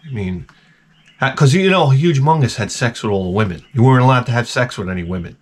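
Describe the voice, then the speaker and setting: A man's voice: mid-range voice, brisk. A middle-aged man ranting sarcastically through a casual story, mimicking the people in it. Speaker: vlogger.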